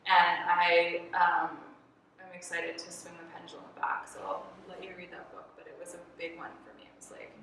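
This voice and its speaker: Canadian woman guest, animated, chatty, bright tone; distant mic, big echo. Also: lowish voice, normal speed. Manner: animated storyteller, laughs often, lots of fillers. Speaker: artist and designer guest. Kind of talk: candid conversational interview. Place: event space. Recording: echoey room, distant mic, faint noise.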